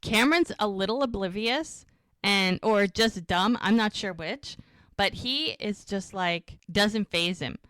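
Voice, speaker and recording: A woman co-hosting a podcast, retelling scenes in a casual, animated chat. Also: mid-range voice, unhurried, no room sound, clean studio sound. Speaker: podcast co-host. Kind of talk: casual rewatch recap chat.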